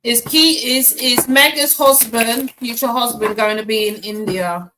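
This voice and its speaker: A woman's voice: a little high, fairly even intonation, unhurried, background noise. A woman hosting a live tarot stream, chatting casually with viewers by name in slangy, loose talk.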